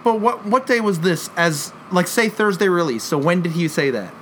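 A man's voice: high voice, expressive, moderate pace, a bit bright, a little hiss or hum. A young man co-hosting a podcast, trading blunt, argumentative banter. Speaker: podcast co-host. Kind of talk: casual chat.

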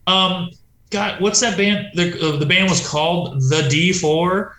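A man's voice: sits high, unhurried, pushed and bright. A man, a touring punk musician, telling stories in a rambling, profane, casual way and acting out quoted voices. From United States. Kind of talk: casual storytelling chat. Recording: roomy echo.

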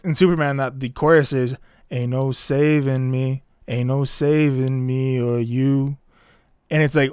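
A man's voice: mid-range voice, dry recording, clean studio sound. A man co-hosting a casual podcast, talking through an album track by track with lots of "like" fillers. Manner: relaxed, rambling, many "like" fillers. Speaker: podcast co-host reviewing an album. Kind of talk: casual chat.

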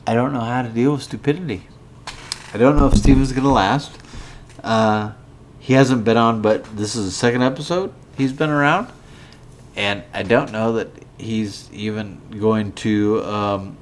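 Drunk, profane, slow-talking man. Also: mid-range voice, a little hiss or hum. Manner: profane, rambling, bickering with a co-host. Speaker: podcast host. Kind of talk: casual drunken rant.

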